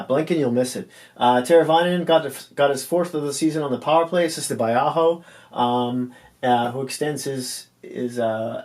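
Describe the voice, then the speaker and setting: A relaxed man runs through last night's hockey scores in an offhand, chatty way. His voice sits at an ordinary middle pitch. He leans on ums and uhs and trips over hard names as he goes. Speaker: hockey recap host. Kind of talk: casual game recap.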